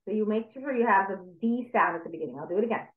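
A woman coach talks listeners through a grounding and breathing exercise in a calm, step-by-step way. Her voice comes through thin and phone-like, with an echo from the room around her. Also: medium pitch, very fast. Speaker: stress coach. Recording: tinny call audio in an echoey room.

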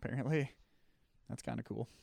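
A relaxed man talking casually, laughing often as he lists his picks. His voice sits at an ordinary middle pitch. The sound is close-miked and dry, with no room around it. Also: brisk, gravelly, no echo. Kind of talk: casual chat.

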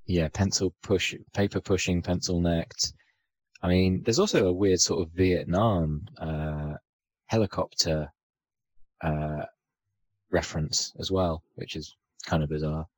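Male podcast co-host, low voice, loose and rambling, lots of ums. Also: fairly even intonation, measured pace, low-quality recording. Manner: rambling, hesitant, many fillers and restarts. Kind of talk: casual film discussion.

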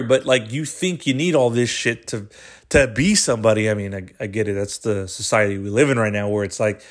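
A young man hosting his own podcast, ranting casually in a rambling, profane way with animated storytelling. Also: medium pitch. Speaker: podcast host. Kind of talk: casual solo podcast rant.

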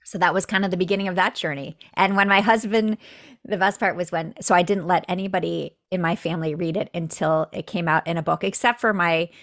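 A woman guest author telling personal stories in a casual interview, animated when she quotes others. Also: fairly low pitch, fairly quick, no echo, studio quality.

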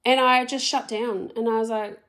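Raw, emotional woman, high voice. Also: steady tone, normal speed, a bit bright. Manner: raw, emotional, heavy swearing; rambling, restarts, many fillers. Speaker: vlogger. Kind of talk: emotional personal vlog.

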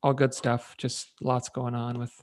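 A man's voice: mid-range voice, completely flat delivery, a little slow. A man, a fitness trainer, co-hosting a podcast in an upbeat, rambling way and laughing often. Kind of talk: casual chat.

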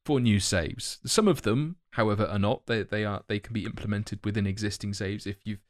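A man's voice: on the low side, brisk, dry recording, studio quality. A man co-hosting a casual podcast chat, talking in loose, self-correcting ramble with many fillers. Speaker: podcast co-host.

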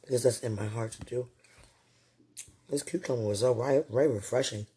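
Soft-spoken husky man musing late at night. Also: medium pitch, normal speed. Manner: rambling and tender, full of "you know". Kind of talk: late-night heartfelt faith talk.

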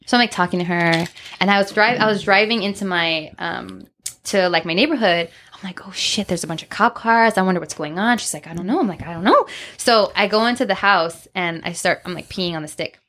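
A woman's voice: medium pitch, a little fast, a bit bright. A woman in casual chat, animatedly telling personal stories, acting out quotes and laughing often. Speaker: guest.

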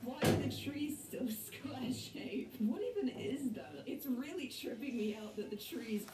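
A woman's voice: high-pitched, lively intonation, a little slow, far from the mic. Giggly woman gamer in an echoey room. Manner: giggly, exclaiming, self-mocking. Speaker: gaming YouTuber. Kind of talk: casual gameplay commentary. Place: home room with a laptop.

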